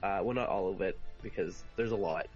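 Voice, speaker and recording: A man co-hosting a casual podcast while sick and hoarse, speaking in a laid-back, offhand way. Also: low voice, fairly quick, a little mellow, dull audio, faint music behind. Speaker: podcast co-host.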